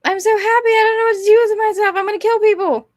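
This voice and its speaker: A woman putting on a shrill, melodramatic parody voice for an unstable cosmic superheroine. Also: steady tone, fast talker, dry recording, clean studio sound. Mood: manic.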